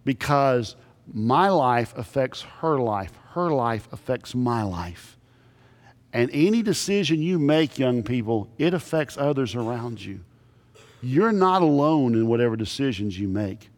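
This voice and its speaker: A male pastor preaching a sermon with emphatic delivery and dramatic pauses, dropping low on his key lines. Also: expressive, a little mellow. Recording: long reverb in large hall.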